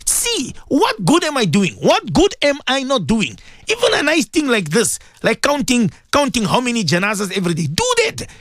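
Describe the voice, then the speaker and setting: A man hosting an early-morning devotional radio show, his voice sitting high for a man. He preaches with fervour and repeats himself, climbing into excited exclamations and then sinking low and hushed. The studio sound is dry and close, with no room around it. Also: normal speed, no room sound. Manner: fervent, repetitive, preacher-like, swings between high exclaiming and low hushed tones. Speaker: radio host.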